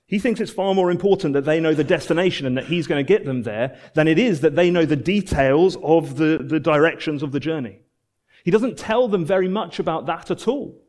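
A man preaching a sermon, earnest and emphatic, repeating phrases and dropping to soft, low endings. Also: fairly quick.

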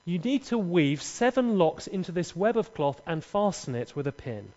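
A man's voice: high-pitched, big pitch swings, normal speed, a little mellow. A man voicing a boastful young strongman, offhand and bragging, in an echoey hall. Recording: echoey, dull hall recording.

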